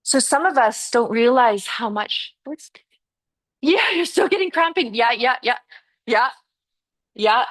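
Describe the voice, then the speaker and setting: A woman's voice: a little high, lively intonation, takes it slowly, long pauses, fairly bright tone. A middle-aged woman leads a yoga class in a chatty, encouraging way. She talks students through each movement and fills the gaps with easy "yeah"s and "okay"s. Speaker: yoga teacher. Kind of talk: live guided yoga class.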